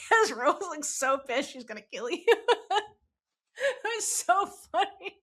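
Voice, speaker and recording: Female podcast host, fairly high voice with lively swings, casual and animated, quick to laugh. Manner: animated, laughs often, acts out quotes. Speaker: podcast host reviewing a novel. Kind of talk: casual chat.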